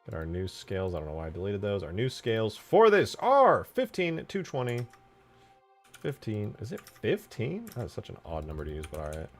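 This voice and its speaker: An American man streams casually while working on a game mod, muttering to himself, joking with chat and letting out sudden excited yelps. His pitch is fairly low, his pace moderate, with faint music behind.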